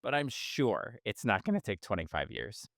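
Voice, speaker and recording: A man's voice: fairly low pitch, sing-song, moderate pace, gravelly, a bit bright, dry recording. A man in his fifties, a podcast co-host, chatting casually with dry, wry jokes. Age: 50s. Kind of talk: casual chat.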